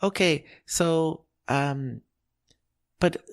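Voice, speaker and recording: A man's voice: on the high side, very slow, clean tone, pitched above the performer's own voice. A man voicing a fussy old woman at a sandwich counter who keeps stammering out question after question. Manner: hesitant, repeats herself.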